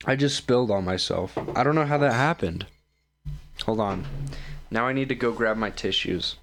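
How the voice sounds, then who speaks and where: A man's voice: mid-range voice, moderate pace, a bit bright, a little hiss or hum. A man hosting his own streaming show, reacting to videos in loose, joking, self-mocking chat while sounding tired and yawning. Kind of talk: casual rambling commentary.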